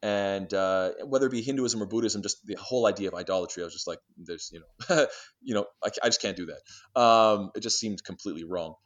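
A man speaking quickly in a lowish voice, guest on an interview. He tells stories animatedly, acts out both sides of a conversation, and restarts his sentences often. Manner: animated storyteller who acts out exchanges, many restarts and fillers. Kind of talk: casual storytelling interview.

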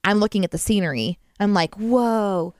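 A woman chatting casually as a co-host about a movie, animated and full of restarts. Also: medium pitch, moderate pace, clean tone, dry recording, clean studio sound. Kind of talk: casual chat.

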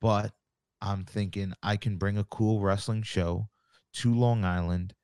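A man's voice: lowish voice, fairly even intonation, unhurried, darkish tone, clear, resonant tone, no echo, clean studio sound. A man, a wrestling promoter, telling a story in a casual podcast chat, acting out phone calls and swearing casually. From New York.

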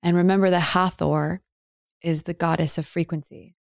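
Woman, podcast host, lowish voice, dry close sound; earnest storyteller with long pauses. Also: steady tone, creaky, dry recording. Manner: earnest, with drawn-out dramatic pauses and frequent "like". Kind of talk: personal storytelling.

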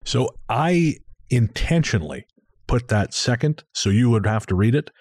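A man, a podcast co-host, chatting casually in a halting way with many restarts and self-corrections. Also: mid-range voice, lively intonation, a little mellow, no echo, clean studio sound. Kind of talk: casual chat.

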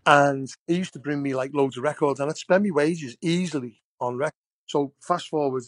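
A man's voice: a little high, normal speed, no room sound. A man, a wrestler guest on a podcast, telling long casual anecdotes that ramble and restart often. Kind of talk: casual storytelling.

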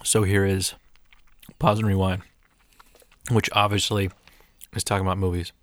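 Relaxed low-voiced man chatting. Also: moderate pace, no room sound. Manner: rambling, laughs easily, reads band blurbs aloud. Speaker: podcast co-host. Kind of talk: casual chat.

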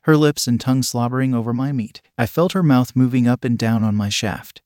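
A man narrating a first-person story in a steady, matter-of-fact reading voice. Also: medium pitch, a little fast, dry recording, studio quality.

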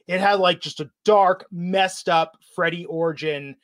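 A man's voice: high voice, a little slow, a bit bright. A man hosting a casual podcast chat, talking with a sarcastic, mocking manner. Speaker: podcast host.

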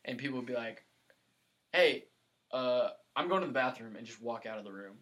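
A man's voice: medium pitch, fast talker, a bit bright. Young man rambling through a story. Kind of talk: casual chat.

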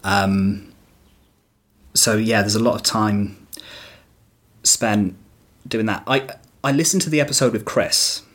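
A man's voice: on the low side, takes it slowly, long pauses, fairly bright tone. A male stand-up comedian in casual podcast chat, talking reflectively with fillers and restarts.

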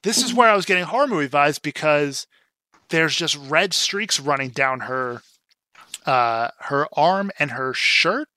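A young film discussion co-host casually recaps a movie scene, rambling and chatty, with lots of fillers and acted-out quotes. His voice is on the high side, expressive, bright, and pushed, and he speaks a little slowly.

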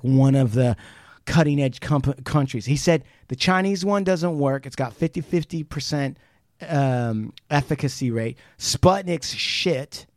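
A man's voice: medium pitch, dry recording. Guy on a podcast telling a story, swears a lot, trips over his words, dry close mic. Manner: animated retelling, swears freely, many restarts. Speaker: podcast co-host. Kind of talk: casual podcast chat.

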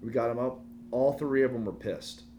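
Casual male co-host, thirties, lively storyteller, slight noise floor. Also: medium pitch, moderate pace. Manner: animated storyteller, quoting family in lively voices.

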